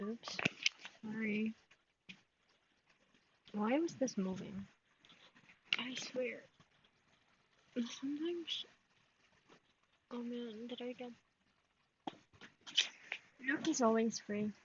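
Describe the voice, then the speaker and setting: A woman's voice: fairly high pitch, very slow, pauses often, background noise. A woman streaming live, chatting to her cat in a giggly, baby-talking way. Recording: dull lo-fi stream audio.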